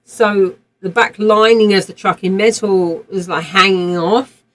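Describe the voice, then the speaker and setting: A woman's voice: mid-range voice, steady tone, a little slow, a bit bright, low-quality recording. A woman, streaming a game while telling a vivid personal story in a rambling way, with swearing and frequent restarts. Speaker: livestream gamer.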